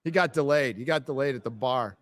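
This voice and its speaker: A man's voice: mid-range voice, a little fast. A man hosting a casual livestream from a bar, reading donations and chatting in a loose, profane way with frequent laughs. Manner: loose and profane, laughs often, reads chat aloud. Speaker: livestream host. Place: fandom bar.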